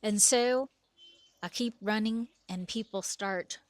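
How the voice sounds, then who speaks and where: A woman's voice: medium pitch, takes it slowly, no echo. A middle-aged woman telling a personal story in a vivid, earnest present-tense voice. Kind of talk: personal story told to camera.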